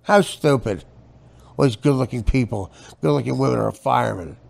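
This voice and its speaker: A man's voice: medium pitch, normal speed, creaky, darkish tone. A man hosting a comedy podcast, roasting his guest with sarcastic, profane banter into a studio mic. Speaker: podcast host.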